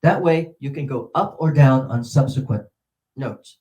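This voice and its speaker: A man giving a workshop on teaching English pronunciation, repeating words slowly and counting syllables aloud. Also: mid-range voice, darkish tone, lo-fi sound. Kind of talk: teacher-training workshop talk. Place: presentation room with a mic.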